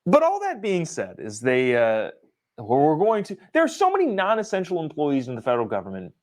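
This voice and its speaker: Animated sarcastic male political host. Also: on the high side, brisk. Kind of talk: political commentary.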